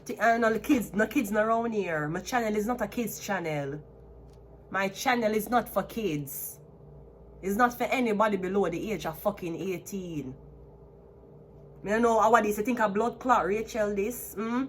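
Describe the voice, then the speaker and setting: A Jamaican woman in her thirties talks straight to camera, defiant and swearing freely. She slides between thick patois and plainer English. Her voice sits at an ordinary middle pitch for a woman. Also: a bit bright, a little hiss or hum. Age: 30s. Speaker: tarot reader. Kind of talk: ranting to camera.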